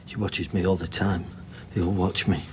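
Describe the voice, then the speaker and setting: A man's voice: sits low, little pitch movement, moderate pace, background noise, lightly acted. An actor playing a guilt-ridden, paranoid man, muttering confessions. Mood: haunted.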